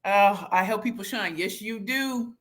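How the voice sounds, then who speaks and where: A woman's voice: medium pitch, unhurried. A woman hosting a casual livestream, reading out viewer comments in a playful way and sometimes breaking into sing-song. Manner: lively, playful, bursts into sing-song and shouts. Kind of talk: casual live chat.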